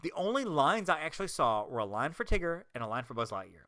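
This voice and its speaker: A man co-hosting a podcast in casual chat, an excited storyteller who acts out quotes. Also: fairly high pitch, fast, no echo, studio quality. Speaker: podcast co-host.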